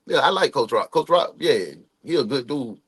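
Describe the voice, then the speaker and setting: A man's voice: mid-range voice, animated, moderate pace, fairly bright tone, slightly rough. A man in his forties hosting a casual livestream, greeting viewers by name and giving loose, slangy motivational talk. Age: 40s. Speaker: livestream host.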